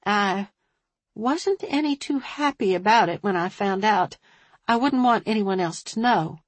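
A woman voicing a nervous grieving widow who speaks in a hushed, careful, faltering way. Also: medium pitch, a little slow, dry recording, voice pushed up, lightly acted. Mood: guarded.

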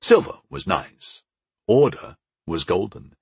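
A man telling a first-person fantasy story in a wry, measured manner. His husky voice moves with lively swings of pitch. The recording is dry, with no room sound. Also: no echo. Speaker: audiobook narrator.

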